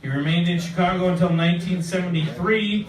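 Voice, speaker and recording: A man's voice: high voice, fairly even intonation, brisk. Man reading a formal introduction. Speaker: announcer introducing guests. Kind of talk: read-out introduction. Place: club event room with audience. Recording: roomy hall, distant mic, crowd.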